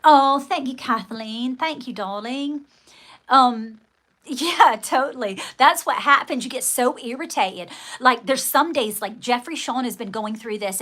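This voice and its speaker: A woman hosting a casual livestream, chatting with viewers in a rambling, animated way and acting out dramatic quoted outbursts. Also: on the high side. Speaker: livestream host.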